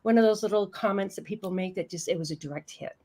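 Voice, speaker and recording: A woman's voice: mid-range voice, quick pace. A woman in her fifties, a program founder telling a heartfelt story in an interview and laughing often as she goes. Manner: warm, emotional storyteller who laughs often.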